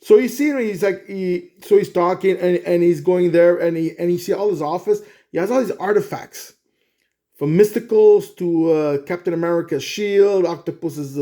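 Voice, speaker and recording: A man casually pitching a movie plot, rambling with restarts and frequent "okay?" check-ins. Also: dark tone. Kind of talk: casual storytelling monologue.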